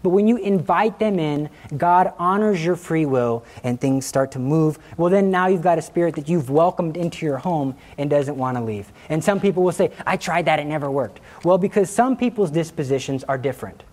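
A man in his thirties, a Catholic speaker, telling a personal faith story in an informal talk, lively and acting out voices. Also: fairly high pitch, normal speed, hardly any pauses. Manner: animated, acts out quotes, laughs at himself. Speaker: Catholic speaker giving a testimony.

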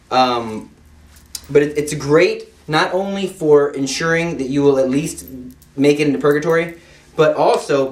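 A young man giving an informal Catholic devotional talk in an emphatic, repetitive way, with playful asides. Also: on the high side. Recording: echoey room, speaker off-mic.

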